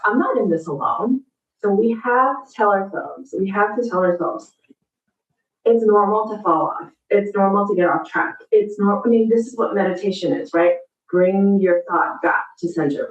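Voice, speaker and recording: A woman's voice: mid-range voice, far from the mic, phone-quality sound. Woman, thirties, casual motivational talk, encouraging, set back from the mic, echoey room. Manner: upbeat, chatty, encouraging, laughs often. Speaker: streamer giving a pep talk.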